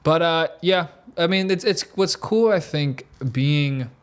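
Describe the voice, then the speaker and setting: A young American man co-hosting a podcast, chatting casually and enthusiastically, with quick bursts of opinion. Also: a little high, clean tone. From United States. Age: young adult. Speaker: podcast co-host. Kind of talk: casual chat.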